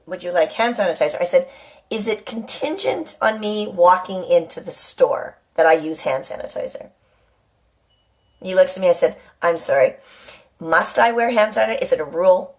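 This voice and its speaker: A middle-aged woman at home, hosting a casual live chat to her viewers. She rambles and keeps asking "right?". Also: fairly low pitch. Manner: chatty, rambling, often asks "right?". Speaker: live-stream host. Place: at home with a kitchen nearby.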